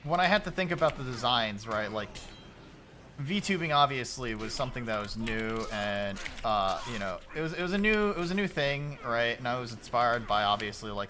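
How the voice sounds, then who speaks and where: Faint music plays behind a late-twenties man streaming a game, talking at a moderate pace in a lowish voice. His casual chat is loose and full of profanity, breaking into shouts when the game goes badly.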